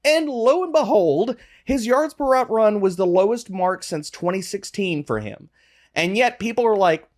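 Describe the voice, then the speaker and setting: A man's voice: high-pitched, expressive, moderate pace. Emphatic ranting male co-host. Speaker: podcast co-host. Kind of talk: casual podcast chat.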